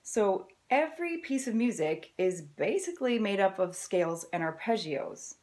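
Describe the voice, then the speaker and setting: A woman's voice: mid-range voice, sing-song, moderate pace, noisy background. A woman violin teacher giving a friendly, encouraging lesson to camera, explaining step by step in an upbeat way.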